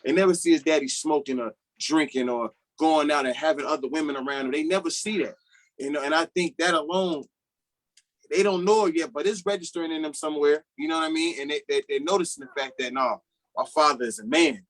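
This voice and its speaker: A man's voice: a little high, brisk. A man with a Chicago accent, a guest father on a podcast, talking earnestly with many repeated words. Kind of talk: casual podcast interview.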